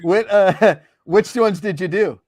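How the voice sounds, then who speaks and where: A man co-hosting a casual sports chat show, quick with banter and laughing often. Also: high voice, a little mellow, no echo, clean studio sound. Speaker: show co-host.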